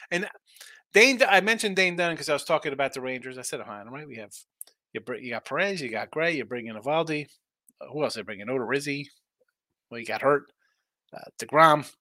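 A middle-aged man runs through his betting picks in an animated, rambling way, ribbing the teams he dislikes. His voice sits a bit high and sounds bright and forceful. It is recorded dry and close. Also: no room sound. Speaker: sports betting show host. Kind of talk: live sports betting picks chat.

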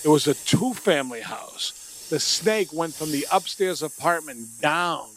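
A man's voice: on the high side, animated, unhurried, a bit bright, a little hiss or hum. A man hosting a comedy podcast, telling stories in a blunt, profane, casual way. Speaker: podcast host.

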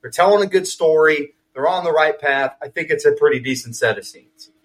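A man co-hosting a film review podcast, chatting casually with lots of swearing and quick asides. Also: fairly high pitch, a bit bright, rough recording. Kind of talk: casual chat.

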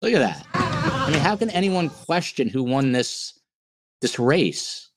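A man's voice: mid-range voice, sing-song, unhurried. A man hosting a podcast livestream in a casual, joking, playfully boastful way, with a New Jersey accent. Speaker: podcast host.

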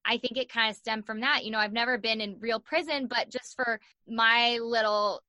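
Bright, lively young woman telling a story. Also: a little high, moderate pace, no echo, highs cut off. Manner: animated, acts out quoted voices, many "like" fillers. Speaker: guest. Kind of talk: casual storytelling in an interview.

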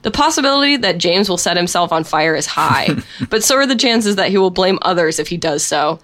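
Lowish woman reading aloud wryly. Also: lively intonation, brisk, fairly bright tone. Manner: laughs often while reading, wry. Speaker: co-host reading a story aloud. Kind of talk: reading a written story aloud.

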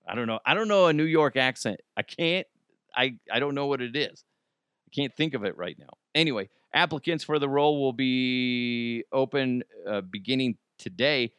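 A man's voice: medium pitch, lively intonation, normal speed, fairly bright tone, clean tone, no echo. Colorado guy chatting on his podcast, rambly, jokes about himself, dead dry sound. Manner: rambling, self-deprecating, jokey asides. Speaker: podcast host. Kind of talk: casual solo chat.

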